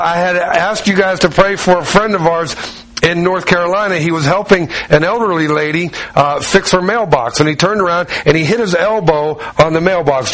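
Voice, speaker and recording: A middle-aged pastor preaching a sermon in a conversational style, using anecdotes, repetition and direct questions to the congregation. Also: male voice, sits high, a bit bright, poor audio.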